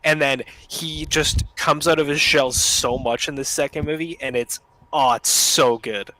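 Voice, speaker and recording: Bright-voiced young man, animated. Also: fairly high pitch, measured pace, no echo, poor audio. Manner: animated retelling, acts out quotes. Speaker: podcast co-host. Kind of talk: casual chat.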